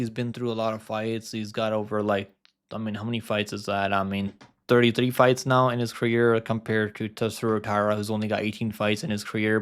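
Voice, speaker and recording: A man's voice: fairly low pitch, smooth. A man giving casual fight predictions, rambling with lots of fillers and restarts. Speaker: MMA predictions host. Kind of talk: casual fight-pick commentary.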